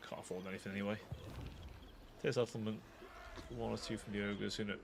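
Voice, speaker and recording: A man's voice: lowish voice, level tone, a little fast, creaky, background noise. A British man live-streaming a strategy game, chatting and thinking aloud, often cutting himself off mid-thought. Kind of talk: live gameplay commentary.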